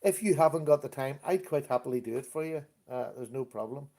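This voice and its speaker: A man's voice: medium pitch, lively intonation, fairly quick, warm tone. A middle-aged man hosting a casual live stream, chatting easily and greeting viewers by name. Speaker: livestream host.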